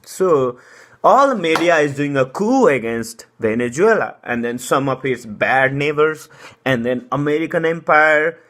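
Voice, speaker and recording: A man's voice: a little high, lively intonation, unhurried, a bit bright. A young man with giving a heated, rambling political monologue. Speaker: political commentator.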